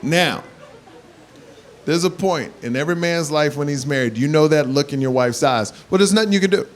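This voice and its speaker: A man doing stand-up comedy who tells animated stories and builds up to shouts. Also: a little high, normal speed. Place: comedy club stage. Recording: live club set with crowd laughter. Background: audience laughter and room hiss.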